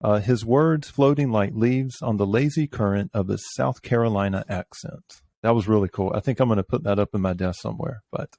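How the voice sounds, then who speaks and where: A man's voice: fairly low pitch, a little fast, warm tone, dry recording. A man from the American South with a Southern accent, hosting an interview podcast in a chatty way that breaks into laughs. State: allergies flaring. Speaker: podcast host.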